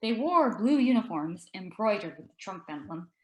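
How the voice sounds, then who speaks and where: A woman's voice: medium pitch, big pitch swings, normal speed, a little mellow, highs cut off. Woman reading her story in an echoey room. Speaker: author.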